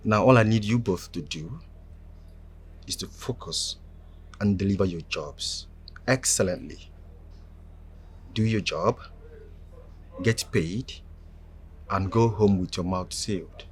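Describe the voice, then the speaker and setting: A man's voice: low-pitched, takes it slowly, long pauses, a little hiss or hum. An actor with a Nigerian accent playing a firm, secretive boss who threatens the men he hires. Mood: threatening. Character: menacing secretive boss hiring two men. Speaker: employer. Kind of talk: film acting.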